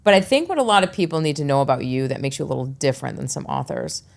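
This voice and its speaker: A woman's voice: very deep voice, very animated, racing, vocal fry. A woman hosting a podcast interview, chatty and encouraging, casually blunt in her wording. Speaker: podcast host.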